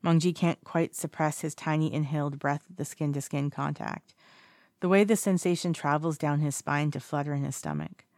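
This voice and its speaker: A woman narrates fiction in a calm, even audiobook reading. Her voice is low with a gravelly texture, and the sound is dry and close. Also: moderate pace, dry recording.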